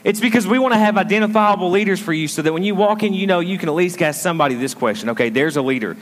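A pastor races through a conversational sermon in a high-pitched voice with lively intonation, telling a story and frequently pausing for asides that draw the congregation in. He's preaching in a school auditorium used as a church, and the audio has a long hall reverb.

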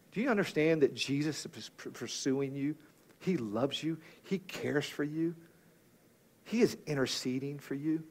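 A preacher voicing a gentle, patient male teacher in a soft, hushed, tender tone. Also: medium pitch, vocal fry.

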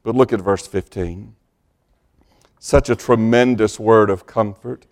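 A man preaching a sermon as pastor, slow and deliberate, dropping to a hushed voice when quoting scripture. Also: fairly low pitch.

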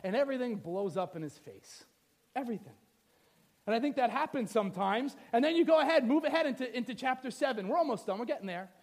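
Middle aged guy preaching, real high voice, hams up the story w/ jokes. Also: fast talker. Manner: animated storytelling, playful asides, acts out scenes. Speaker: pastor. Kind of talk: sermon.

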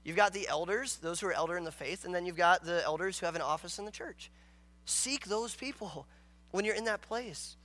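A man preaching in an earnest, emphatic way, with a notably high voice that sits bright and forward. He reads scripture and breaks into acted-out dialogue. It is a pastor's sermon delivered to a congregation. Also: fast, few pauses.

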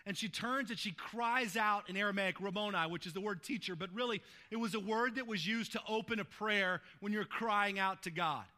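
Male pastor, high-pitched, conversational sermon delivery, keeps asking the room "right?". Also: moderate pace, hardly any pauses, pushed and bright. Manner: informal, asks "right?" to the listeners.

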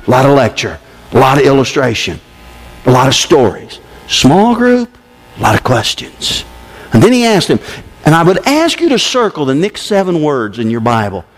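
A man preaching a sermon to a congregation, emphatic, with sudden swings between loud and hushed delivery. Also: medium pitch. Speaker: pastor. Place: church service.

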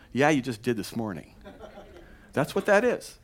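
Pastor, male, mid-pitched, chatty sermon delivery with restarts and rhetorical questions. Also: big pitch swings, normal speed.

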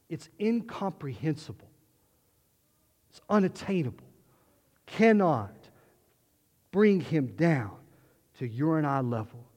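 A man's voice: a little high, darkish tone, long reverb tail. A male pastor preaching a sermon, emphatic, repeating key words and asking the listeners rhetorical questions.

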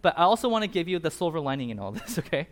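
Lively, animated young-sounding pastor. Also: male voice, a little high. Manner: animated storytelling, voicing characters in quick asides. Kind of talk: casual sermon retelling a Bible passage.

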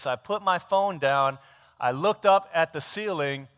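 A man preaching as a pastor, an animated, self-mocking storyteller, in a church sanctuary. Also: fairly high pitch, a little slow, smooth. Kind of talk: sermon storytelling. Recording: long church reverb.

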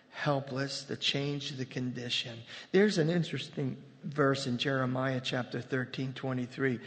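A man's voice: medium pitch, creaky, a bit bright. A man preaching a sermon in a loose, conversational way, breaking off into humorous asides before returning to his point. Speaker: pastor. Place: church sanctuary. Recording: long hall reverb.

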